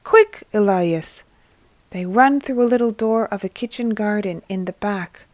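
A woman hosting and reading a devotional religious text aloud in a gentle, measured way. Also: medium pitch, dry recording. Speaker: host and reader.

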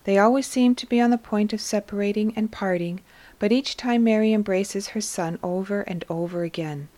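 A woman reading a devotional story aloud in a slow, soft, reverent scripted narration. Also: mid-range voice. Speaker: reader of devotional text.

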